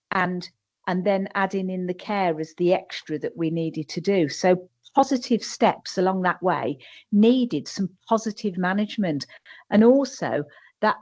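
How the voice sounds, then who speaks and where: A woman's voice: mid-range voice, lo-fi sound. An English woman who manages a care home, speaking frankly and emphatically on a webinar panel and often repeating words as she starts a sentence.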